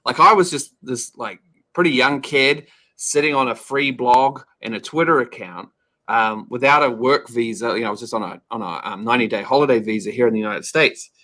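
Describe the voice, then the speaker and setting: A man's voice: mid-range voice, brisk, bright, forceful tone. A man in his thirties with a New Zealand accent, chatting as an upbeat, joking guest on an interview show. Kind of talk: casual interview chat.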